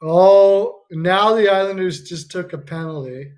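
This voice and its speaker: Laughing, high-voiced man reacting live. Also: a little slow, a little mellow. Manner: laughs a lot, swears, loose and joking. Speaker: live stream host. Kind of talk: casual live game reaction commentary.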